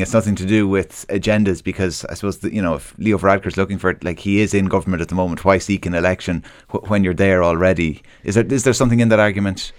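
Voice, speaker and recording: A man presenting a radio panel, asking his guests probing questions in a conversational way. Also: lowish voice.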